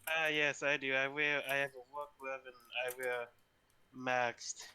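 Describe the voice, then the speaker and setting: A man in casual group chat, relaxed and joking. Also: mid-range voice, unhurried, a little hiss or hum, rough recording.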